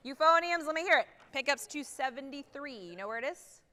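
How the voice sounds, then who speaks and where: In a wind band rehearsal on a theatre stage, a woman conductor with a high, bright, pushed voice coaches briskly with lively intonation, upbeat and direct, counting off and singing how notes should sound. The livestream carries long theatre hall reverb.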